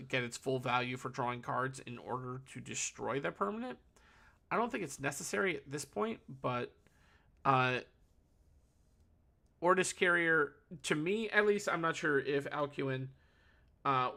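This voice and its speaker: Bright-voiced man casting a card game. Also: mid-range voice, vocal fry. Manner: analytical, thinking aloud and correcting himself. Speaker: tournament caster. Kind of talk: solo play-by-play card game commentary.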